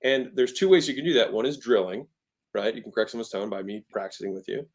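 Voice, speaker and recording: A man's voice: on the low side, quick pace. A man in his thirties, a podcast guest talking casually about sales, emphatic and often shifting his tone to make a point. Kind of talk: conversational teaching about sales.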